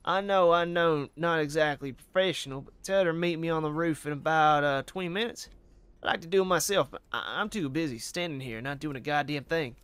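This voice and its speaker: A man's voice: on the high side, fairly quick, a bit bright, clear, resonant tone, no room sound, close to an everyday voice. A man voicing a friendly male police officer in a put-on American Southern drawl, chummy and folksy, reading game dialogue dry and close to the mic.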